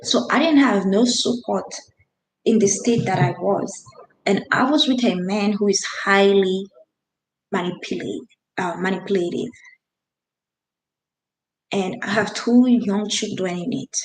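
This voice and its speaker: Woman, thirties, from Haiti; earnest personal storytelling to camera, mid pitch, roomy echo. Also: unhurried, pauses often. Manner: earnest, emphatic, with frequent restarts and non-native grammar. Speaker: vlogger.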